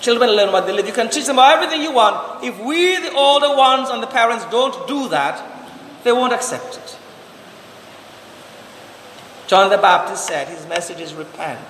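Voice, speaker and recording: A priest preaching a sermon, asking repeated rhetorical questions and drawing out slow, emphatic commands. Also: male voice, very high voice, expressive, fairly bright tone, roomy sound, in a large hall, slight background noise, low-quality recording.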